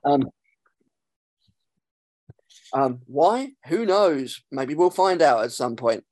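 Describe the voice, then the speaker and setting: A man, hosting a podcast and recapping an episode in a casual, sarcastic way, swearing freely and filling pauses with um. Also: fairly high pitch, sing-song, a little mellow, no echo. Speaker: podcast host.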